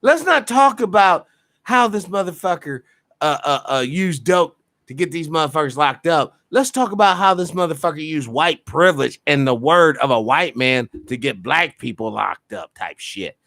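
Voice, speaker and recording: A man ranting in raw, profane reaction commentary, his voice high and bright with big swings in pitch. The sound is close and dry, with no room around it. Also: lively intonation, moderate pace, dry recording. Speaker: show host.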